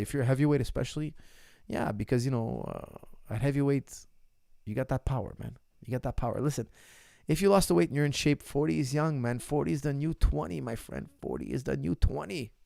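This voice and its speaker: A man's voice: mid-range voice, vocal fry, darkish tone, no room sound, studio quality. A man in his forties, a martial arts coach answering viewer questions in a casual livestream, blunt and emphatic, repeating his key points. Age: 40s.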